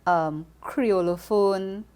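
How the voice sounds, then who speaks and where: A woman with a Trinidadian accent, talking as an interview guest in an expressive, conversational way, often repeating words as she starts a thought. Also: mid-range voice, drawn-out words, smooth. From Trinidad and Tobago.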